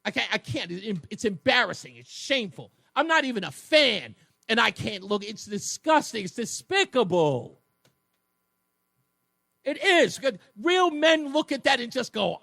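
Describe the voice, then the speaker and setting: A man's voice: extremely high pitch, big pitch swings, a little slow, vocal fry, bright, forceful tone, dry recording. A male talk radio host giving an emphatic, mocking monologue that repeats its points from a studio.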